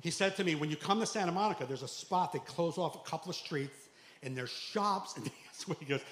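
A man doing a stand-up comedy set, animated and acting out characters with sudden loud outbursts. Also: fairly high pitch, fast. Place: comedy club. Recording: echoey club with faint ambience.

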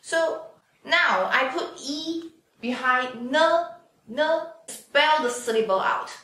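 A woman's voice: sits high, animated, sharp tone. A woman teaching a pinyin lesson, drawing out each sound patiently for students to repeat. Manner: patient, drawn-out demonstration of sounds. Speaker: Chinese language teacher. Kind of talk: slow pinyin lesson with drills. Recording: very echoey room, voice from off mic.

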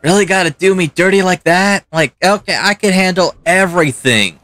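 A man's voice: high-pitched, moderate pace, bright, forceful tone, no room sound, soft background music. A young man swearing and ranting as he comments on his own gameplay. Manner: profane, ranting, talks back to the game. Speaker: gaming channel host. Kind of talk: let's play commentary.

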